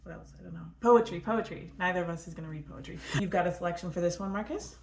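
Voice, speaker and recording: A woman's voice: fairly low pitch, fast, gravelly, a little hiss or hum. A woman co-hosting a casual book chat, upbeat and sprinkled with fillers. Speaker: co-host of a book channel. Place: United States. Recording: echoey room.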